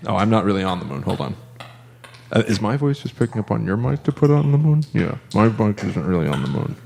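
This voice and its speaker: A man's voice: lowish voice, very animated, fairly quick, vocal fry, a little mellow, slight background noise. A man co-hosting a comedy podcast, joking around and playing along with the bits. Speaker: podcast co-host. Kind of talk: goofy comedy podcast banter.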